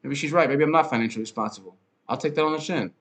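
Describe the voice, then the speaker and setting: A podcast host rants through a casual, rambling monologue, swearing frequently and full of fillers and restarts. His voice is on the high side and racing.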